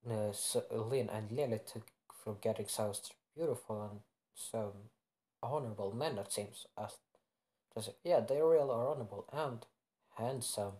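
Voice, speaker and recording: A young man makes up a fan story aloud, stopping to correct himself and filling gaps with hesitations. His voice sits at a middle pitch, unremarkable and conversational. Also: darkish tone. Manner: rambling, self-correcting, many fillers. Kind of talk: improvised fan-fiction narration.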